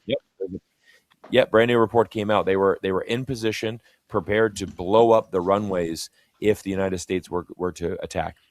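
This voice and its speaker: A man's voice: sits low, fairly even intonation, moderate pace, dry recording. A Canadian man with a Canadian accent co-hosting a live talk show, rambling and opinionated with lots of fillers. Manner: rambling, many "you know" fillers, opinionated. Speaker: co-host of a live talk stream. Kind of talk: casual political chat.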